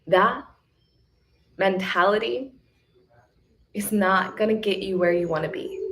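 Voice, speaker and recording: A woman's voice: medium pitch, a bit bright. A woman hosting a live self-love retreat, giving an emphatic, casual motivational talk. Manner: emphatic, repetitive coaching; casual, chatty.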